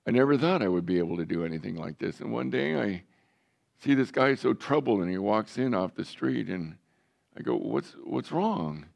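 Gravelly older man preaching. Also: on the low side, expressive, brisk, a little mellow. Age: 70s. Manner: storytelling, candid, joking asides. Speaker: pastor. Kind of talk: personal testimony sermon.

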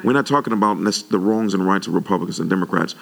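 A male pastor delivering an animated sermon, his pitch jumping up when he gets worked up. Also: quick pace, gravelly.

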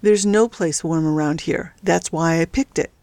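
A cold, bossy criminal ringleader, put on by a woman reading aloud. The voice stays low and curt. It is recorded close and dry. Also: moderate pace, warm tone, no room sound. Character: gruff male crime boss, cold and controlling.

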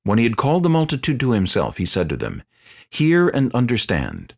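A man reads scripture aloud in a low, clear voice. His pace is steady and even. His pitch rises and falls in a lively way. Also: fast. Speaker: narrator.

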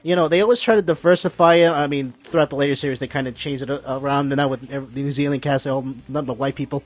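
A man in casual talk, recapping a show in a rambling, excitable way with lots of fillers and swearing. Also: medium pitch, rapid-fire, no room sound. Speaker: podcast host.

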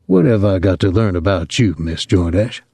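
A man reading as a young soldier from Saint Louis, talking in a soft, lazy drawl with an ironic edge. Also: low voice, normal speed, gravelly, slightly rough, no echo, studio quality, exaggerated voice.

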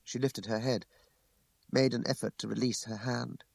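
A male audiobook narrator with a mid-pitched voice that has a gravelly edge. His reading is measured and restrained. The recording is dry and close. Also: fairly even intonation, no echo.

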